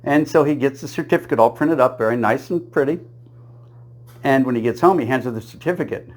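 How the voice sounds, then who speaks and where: Man, joke teller, middle pitch, dry storytelling delivery, laughs at own punchlines. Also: a little fast. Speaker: comedian telling jokes. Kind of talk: joke-telling monologue.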